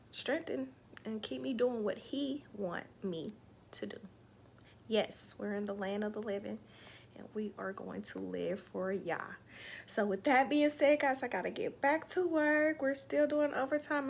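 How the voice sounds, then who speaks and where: Hosting a livestream, a woman talks in an easygoing, emotional way about her faith and how her week went, with heartfelt, faith-filled warmth. She has a medium-pitched voice with vocal fry, and there's slight background noise.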